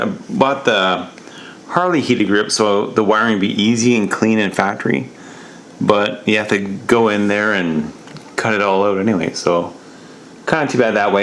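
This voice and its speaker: A man's voice: on the low side, a bit bright, slight background noise. A man narrating a casual do-it-yourself motorcycle job in a laid-back, rambling way, now and then mildly exasperated. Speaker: motorcycle DIY vlogger.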